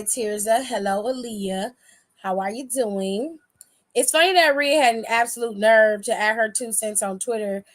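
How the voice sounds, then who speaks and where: A high-voiced woman talks straight to her viewers in a casual vlog recap. She is sassy and chatty and swears freely, with a bright, ringing tone. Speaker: wrestling recap vlogger.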